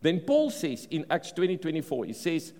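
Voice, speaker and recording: A man with a South African accent preaching a sermon in an animated way, often repeating words and restarting phrases. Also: on the high side, normal speed. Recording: long reverb of a large hall.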